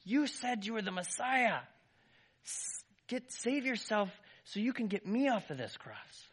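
A man voicing an angry criminal on a cross who yells scornfully, in a sermon retelling. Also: sits high, sing-song, measured pace, husky, voice pushed up, exaggerated voice. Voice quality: yelling, scornful.

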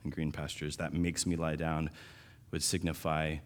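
Pastor, male, very deep voice; casual sermon delivery, restarts, punchy emphasis. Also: level tone, moderate pace. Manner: conversational, with restarts and sudden louder emphasis.

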